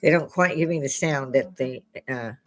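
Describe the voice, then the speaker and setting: A woman's voice: a bass voice, normal speed. An older American woman hosting a livestream from her home bar, chatting in a rambling way and laughing often, on a headset mic. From United States. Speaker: livestream host. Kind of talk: casual chat. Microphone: headphones with clip-on mic.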